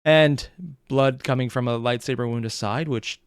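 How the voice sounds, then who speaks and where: A man hosting a reaction channel, rambling casually and thinking out loud as he comments. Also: medium pitch, steady tone, moderate pace, clean tone, no echo, studio quality. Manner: rambling, thinks aloud with restarts.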